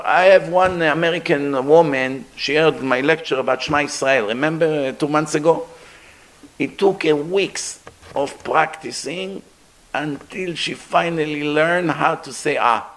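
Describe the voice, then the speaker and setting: An aged man teaches a religious class in a fairly high voice. He talks in a lively, conversational way, tossing asides to his listeners. He acts out the throat sounds he is explaining. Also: moderate pace. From Middle East. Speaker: rabbi giving a lecture. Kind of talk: religious lecture.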